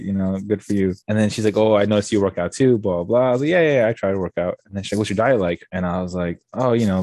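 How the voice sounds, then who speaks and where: A young man rattles through an anecdote at a quick clip, his voice on the lower side and recorded close and dry. He swears freely and slips into quoted dialogue as he goes. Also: a little mellow, no echo. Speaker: podcast guest. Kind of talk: casual storytelling.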